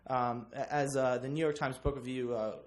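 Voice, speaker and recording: A man's voice: medium pitch, fairly even intonation, moderate pace. A young man giving a class book presentation, joking with many ums. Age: young adult. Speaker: student presenter.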